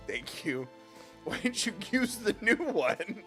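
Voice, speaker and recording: A man streaming a game live, expressive and swearing, with frequent laughs and loud outbursts. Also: high voice, very slow. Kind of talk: live gaming commentary. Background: faint game music.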